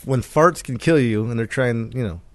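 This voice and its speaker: A man's voice: mid-range voice, no room sound. A man co-hosting a podcast in casual chat, joking and laughing a lot. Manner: loud, joking, quick to laugh. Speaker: podcast co-host.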